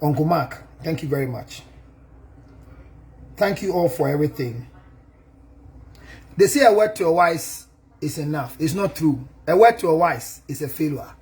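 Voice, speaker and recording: A man's voice: a little high, animated, moderate pace, long pauses, a little mellow. A man, a counselor, gives a thank-you and advice speech with emphatic delivery, mixing languages and laughing at his own jokes.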